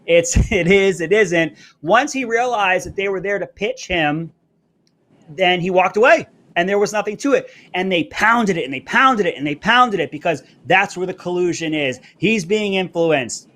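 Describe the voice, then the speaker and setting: A man hosting a live political commentary stream, brash and fast-talking, pushing his merch between topics. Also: high-pitched, animated, pushed and bright. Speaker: show host. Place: Florida.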